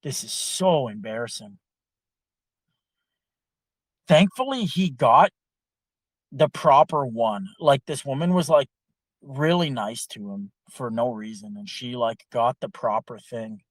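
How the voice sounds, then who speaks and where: Casual young male podcaster, profane and animated, dry close mic. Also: medium pitch, slow, long pauses, dry recording. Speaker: podcast co-host. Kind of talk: casual storytelling chat.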